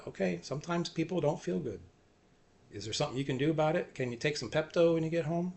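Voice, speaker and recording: A man giving an earnest, self-encouraging faith talk, repeating short phrases and often trailing off softly. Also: a little high, quick pace, creaky. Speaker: faith vlogger. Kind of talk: personal faith talk to camera.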